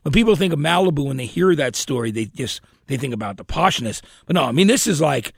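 A man hosting a podcast, telling stories in an animated, emphatic way during a casual interview. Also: a little high, fast talker, creaky, breathy edge, dry recording, clean studio sound. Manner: animated storyteller, lively and emphatic. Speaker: podcast host.

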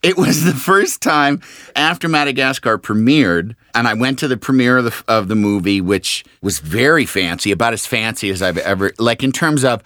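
A man's voice: medium pitch, animated, moderate pace, pushed and bright, dry recording, clean studio sound. A man, a voice actor, telling a rambling story in a casual interview, correcting himself and acting out quotes. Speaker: voice actor guest.

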